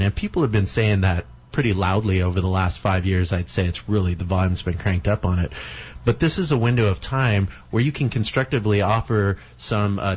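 A man's voice: on the low side, slightly rough. A man talking at length in casual radio chat, with many restarts, on a lo-fi recording. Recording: dull lo-fi sound.

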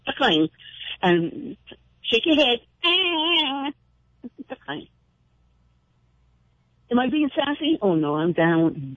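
A man hosts a call-in radio show, sounding impassioned and indignant as he rambles and keeps restarting. He has a high voice with no room sound, heard through a dull lo-fi radio broadcast.

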